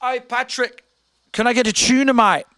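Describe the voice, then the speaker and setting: A man's voice: extremely high pitch, fairly even intonation, moderate pace, pushed and bright, smooth, no room sound, pitched above the performer's own voice. A man imitating a friendly older male guitarist with a put-on British accent, pleading over and over for a guitar tuner.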